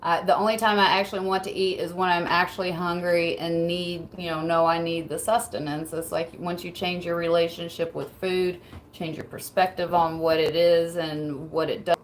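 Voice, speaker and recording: A woman's voice: lowish voice, flat delivery, moderate pace, a little hiss or hum, low-quality recording. A woman streamer in casual livestream chat, laid-back, swearing freely and laughing often as she reads messages.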